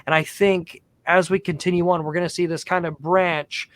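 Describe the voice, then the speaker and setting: A man's voice: high-pitched, flat delivery, moderate pace, fairly bright tone. A man who works as a professional Santa performer, chatting eagerly as a guest over a video call from his home studio. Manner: eager, talkative explainer. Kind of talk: casual interview chat. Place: home studio decorated with Christmas trees.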